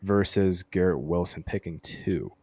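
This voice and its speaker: A man's voice: low-pitched, measured pace, warm tone, dry recording, clean studio sound. A man hosting a casual sports podcast, reading out listener questions and answering them playfully. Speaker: podcast host. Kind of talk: casual live Q&A chat.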